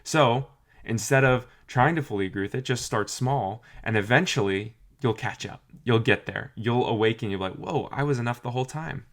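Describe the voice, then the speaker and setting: A man's voice: medium pitch, normal speed. A young adult man giving an earnest, encouraging talk to camera, often repeating phrases for emphasis. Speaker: motivational vlogger.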